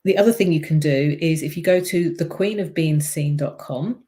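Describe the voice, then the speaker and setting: A woman with a low, deep voice and a slight frog in her throat, chatting on a live stream as a speaking coach and explaining things step by step. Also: moderate pace, dark tone. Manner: chatty and explanatory, demonstrates voice tones. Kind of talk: casual live-stream talk to camera.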